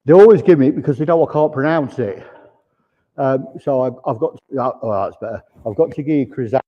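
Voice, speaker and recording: A man's voice: medium pitch, a little fast. A man acting as a medium at a service, passing on spirit messages and often saying "he says". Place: large village hall. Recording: reverberant hall, dull lo-fi sound.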